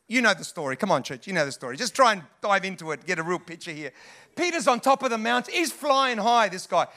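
A male pastor preaches in a high, bright voice. He talks to the congregation in a lively, chatty way and calls out to the room as he goes. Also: fast. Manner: animated, conversational preaching with asides to the congregation. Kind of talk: sermon.

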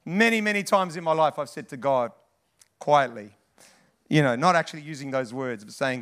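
Bright, high-voiced male preacher. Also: moderate pace. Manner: animated, conversational preaching with asides to the congregation. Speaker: pastor. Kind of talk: sermon.

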